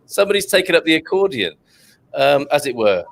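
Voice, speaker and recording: Male host, casual banter on a video call, animated delivery, quick with a joke. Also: a little high, gravelly. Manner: jokey, reads out chat comments, laughs often. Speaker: host of an online chat show.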